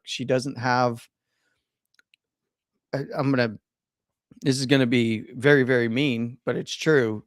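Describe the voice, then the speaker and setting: A man's voice: medium pitch, no echo, clean studio sound. A man co-hosting a live stream, giving opinionated takes in casual chat, often stammering and restarting his sentences.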